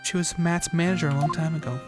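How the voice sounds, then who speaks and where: A woman voicing a grim, bitter young woman who tells a painful story in a low, measured way, over loud game music. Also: steady tone, natural voice. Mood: somber, bitter. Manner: low, measured, somber telling.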